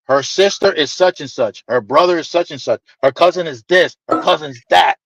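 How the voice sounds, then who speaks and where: A man's voice: on the high side, normal speed, no echo, highs cut off. A man telling a casual, profane anecdote, animatedly acting out the people in it. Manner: animated, profane, acts out quoted voices. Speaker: storyteller.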